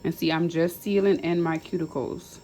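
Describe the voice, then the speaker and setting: Chatty nail tech, lowish voice. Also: female voice, steady tone, normal speed, dark tone, a little hiss or hum. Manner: chatty, repetitive step-by-step instructions with Southern US slang. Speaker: nail technician teaching a class. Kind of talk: casual how-to demonstration. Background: nail drill whirring.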